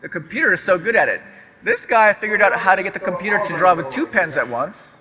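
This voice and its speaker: A man's voice: high-pitched, lively intonation, quick pace, pushed and bright, husky. A man giving a stage talk to a live audience, chatty and self-deprecating, with lots of fillers and restarts. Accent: American. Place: large lecture hall. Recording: long hall reverb.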